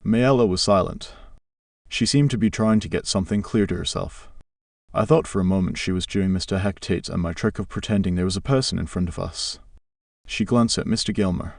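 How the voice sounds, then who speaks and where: Low gravelly male audiobook narrator. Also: fairly quick, a little mellow, no room sound, clean studio sound, distant mic. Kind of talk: scripted narration.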